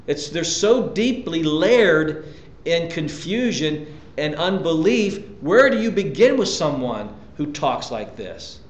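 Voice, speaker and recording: A man preaching a sermon as pastor, emphatic, repeating key lines and jumping up in pitch to drive points home. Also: big pitch swings, measured pace. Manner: emphatic preaching, sudden pitch jumps and repetitions. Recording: echoey church room, dull lo-fi sound.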